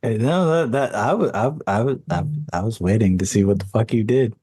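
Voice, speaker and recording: A man's voice: on the low side, brisk, mellow, slightly rough. A man chatting as a podcast guest, drunk, joking and swearing. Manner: joking, profane. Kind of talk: casual chat.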